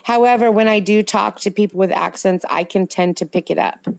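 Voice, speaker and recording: A woman's voice: mid-range voice, fairly quick, gravelly, a little mellow, no echo. A woman with a slight New Jersey accent, co-hosting a casual late-night live chat and rambling to viewers in the chat. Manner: chatty, rambling, answers viewer comments. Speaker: livestream co-host. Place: home in California at night.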